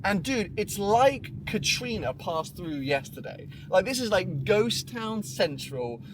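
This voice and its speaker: A young man chatting casually as a guest, telling animated stories and acting out quotes. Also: high-pitched, takes it slowly, noisy background. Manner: animated storyteller, acts out quotes. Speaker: YouTuber guest. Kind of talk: casual chat.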